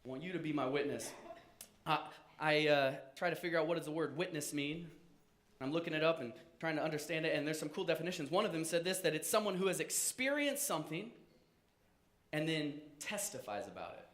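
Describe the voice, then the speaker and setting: A man preaching a casual sermon as pastor. He is conversational and animated, and he jokes about himself. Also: a little high, fairly quick. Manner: conversational, self-joking, animated.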